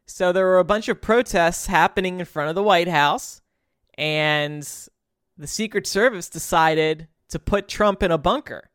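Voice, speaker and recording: A man's voice: high voice, a little slow, a bit bright, clean tone, dry recording, clean studio sound. A man playing Jesus as God's easygoing son and co-host of a comedy podcast, reading out news items. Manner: easygoing, laughs often, reads out news items. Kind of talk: improvised comedy podcast chat.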